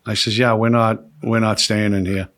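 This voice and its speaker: Man, 50s, podcast host, animated, profane storyteller. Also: on the low side, moderate pace. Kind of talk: casual storytelling chat.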